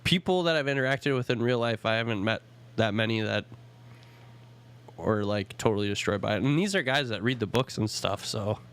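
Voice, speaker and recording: A man's voice: fairly low pitch, fairly quick, fairly bright tone, clear, resonant tone. Chatty man swapping stories on a podcast. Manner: chatty, storytelling, hesitant restarts. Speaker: podcast co-host. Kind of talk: casual podcast chat. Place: home studio.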